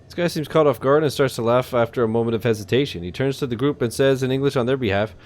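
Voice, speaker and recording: Guy streaming, reads the visual novel out loud, steady, mid voice. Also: mid-range voice, fast talker. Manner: steady reading with filler hesitations. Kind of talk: reading a visual novel aloud.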